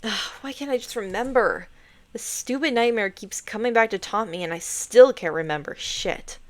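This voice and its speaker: A woman's voice: on the high side, moderate pace, voice pushed up, lightly acted. A woman voicing a troubled young woman haunted by nightmares, frustrated and brooding.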